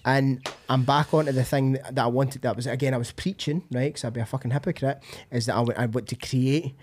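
A man, a fitness coach hosting a casual podcast chat, swearing freely and telling animated stories. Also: medium pitch, fast talker.

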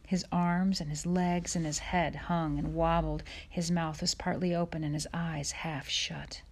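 A woman reads a chapter book aloud in a measured, soft storytelling voice. Her pitch sits a little low for a woman. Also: level tone. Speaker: audiobook narrator. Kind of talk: audiobook reading.

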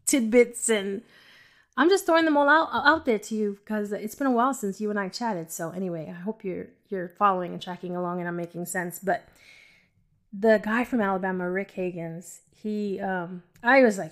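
A woman's voice: mid-range voice, moderate pace. A woman giving a casual personal faith testimony as a podcast host, rambling and joking with frequent laughs. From New York City. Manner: rambling, joking, laughs often between phrases.

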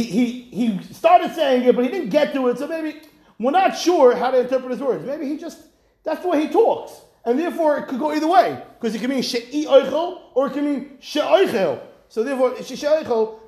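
A man giving a lively Talmud class, switching between English and Aramaic, quoting the text in a sing-song way. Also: very high voice. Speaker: Talmud teacher. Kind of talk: animated Talmud class lecture. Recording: echoey room.

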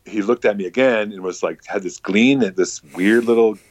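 A man's voice: lowish voice, normal speed. A man telling a casual, rambling story full of swearing and filler words.

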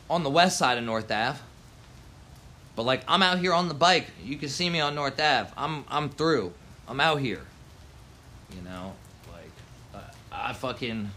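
Man, heated profane rant, bright tense voice, rain in background. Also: a little high, a little hiss or hum. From Baltimore, USA. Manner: heated, swearing, slangy. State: angry. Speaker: local resident ranting.

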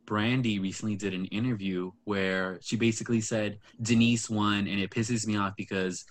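A man's voice: on the low side, steady tone, moderate pace. A young man co-hosting a podcast, casually chatting with blunt, sarcastic remarks. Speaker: podcast co-host. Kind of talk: casual chat recapping a reality show.

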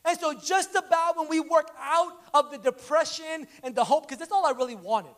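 Male preacher, unusually high voice, animated storyteller, conversational sermon. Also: moderate pace. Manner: animated, acts out dialogue in stories.

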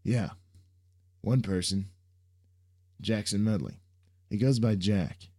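A man's voice: lowish voice, slow, dark tone, slightly rough, pitched above the performer's own voice. A man voicing a laid-back, reluctant young man who banters sardonically. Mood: wry.

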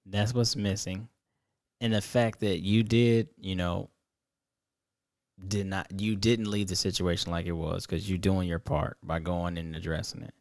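A deep male voice with flat delivery and a slightly slow pace belongs to a podcast co-host in casual conversation. He talks thoughtfully and reflectively, searching for words. The recording is dry and of studio quality.

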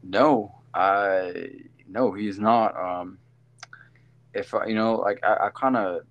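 A man's voice: on the low side, slow. A man co-hosting a casual sports podcast, rambling through game recaps with lots of fillers and self-corrections. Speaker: podcast co-host.

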